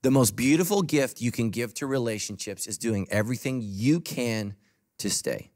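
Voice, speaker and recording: A man preaching a sermon as pastor to a congregation in a church. He talks emphatically, swinging between loud, punchy lines and soft, low asides. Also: moderate pace.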